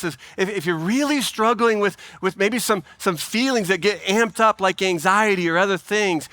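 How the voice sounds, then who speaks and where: A man preaching a sermon as pastor, earnest and pleading, repeating phrases for emphasis and swinging between animated bursts and soft, low asides.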